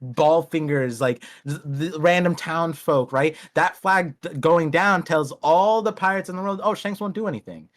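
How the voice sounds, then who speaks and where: Rambling excitable man. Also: fairly high pitch, normal speed, hardly any pauses. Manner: rambling, many restarts, lively impressions of characters. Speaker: podcast host. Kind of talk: casual chat.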